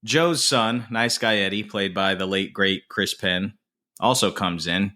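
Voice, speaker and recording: A man co-hosting a casual film podcast, retelling a movie scene in animated detail with plenty of swearing. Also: on the low side, a little slow. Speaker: podcast co-host.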